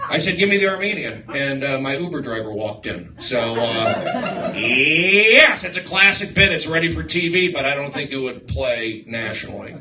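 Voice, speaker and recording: A man doing a rambling stand-up set, riffing excitably on the crowd in a small comedy room. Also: mid-range voice, moderate pace. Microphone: far live-stream phone mic. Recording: echoey, distant livestream with room noise.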